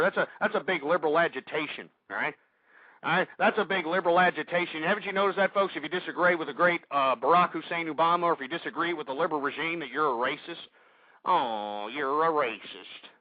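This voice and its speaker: A high-pitched man hosts a call-in radio show in an abrasive, insulting, swearing rant. The sound is dry and close with no room around it. The audio is dull and lo-fi, like an old internet radio stream. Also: dry recording. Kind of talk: ranting talk radio.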